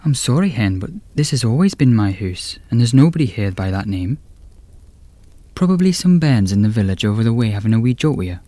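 A man's voice: fairly low pitch, sing-song, brisk, dark tone, no room sound. A man voicing a kindly, cheerful old woman in a storybook reading. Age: over 60.

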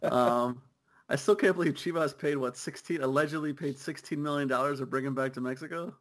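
A young man co-hosts a soccer podcast in a loose, riffing chat. His voice sits at an ordinary pitch, and he keeps it light with quick jokes and laughs. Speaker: podcast co-host.

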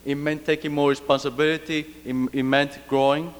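A man's voice: fairly high pitch, flat delivery, a little fast. A man from Cuba giving an earnest, reflective personal talk, with fillers and restarts. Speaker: speaker. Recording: long reverb of a hall.

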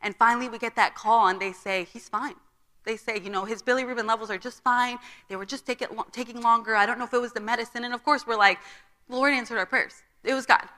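A young woman tells a personal story at a church gathering, slipping into the voices of the people she quotes. Her voice is bright and forward, pitched a little high. The sound carries a long hall reverb. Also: fairly even intonation, quick pace. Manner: storytelling, acts out quoted dialogue. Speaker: conference speaker. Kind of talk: personal testimony. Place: church auditorium.

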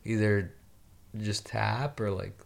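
A man's voice: lowish voice, steady tone, slow pace, creaky. A man in casual chat giving grappling advice with lots of filler words, and joking at times. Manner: filler-heavy, coaching tone, jokey.

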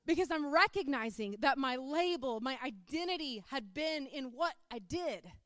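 A middle-aged woman giving a chatty, animated sermon-style testimony, full of "like". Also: sits high, moderate pace, no echo, clean studio sound.

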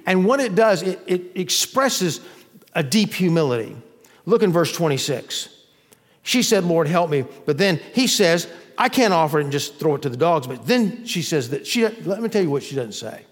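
A male pastor preaching a sermon, swelling into loud cries and dropping to a hushed voice. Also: expressive, moderate pace. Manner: drops to a hushed, low voice at tender moments. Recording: long reverb of a large hall.

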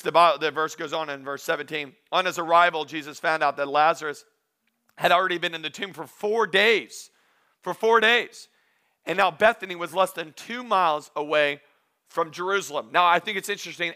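A male pastor preaching a sermon, animated, acting out little asides with humor. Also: high voice, normal speed.

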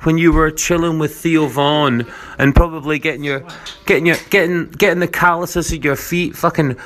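A man's voice: fairly high pitch, fairly even intonation, moderate pace, a bit bright. A man with a put-on drunk Scottish accent leaving a rambling, mock-insulting voice message to a podcast. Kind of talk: recorded voice message.

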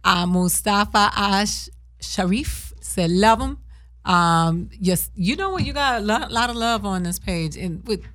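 A woman's voice: medium pitch, a little slow, no room sound. Woman host, casual live chat, dry close sound, talkative. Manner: lively, talkative, laughing often.

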